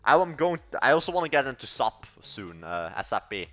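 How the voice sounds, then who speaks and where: A man's voice: mid-range voice, big pitch swings, a little fast, a bit bright, faint music behind. A young man in his late teens from Belgium, with a mixed European accent, chatting casually on a livestream, rambling, correcting himself mid-sentence and giving blunt opinions. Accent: Belgian, mixed European-sounding. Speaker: livestreaming coder. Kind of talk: casual livestream chat answering viewers.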